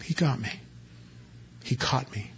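A man's voice: mid-range voice, a little slow, a bit bright, husky. A male pastor preaching an expository sermon in a folksy, country-preacher manner, reading scripture aloud and then explaining it. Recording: dull lo-fi recording.

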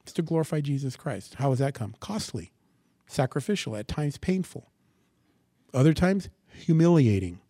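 A man preaching a sermon, asking the congregation rhetorical questions and swinging from quiet asides to loud, dramatic scripture reading. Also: a little high, lively intonation, normal speed, dry recording, clean studio sound. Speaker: pastor.

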